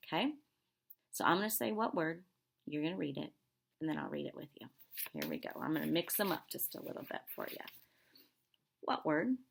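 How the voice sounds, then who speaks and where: A woman teaching kindergarten sight words, slow, patient and encouraging, drawing out spelled letters in a sing-song way. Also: low voice, gravelly.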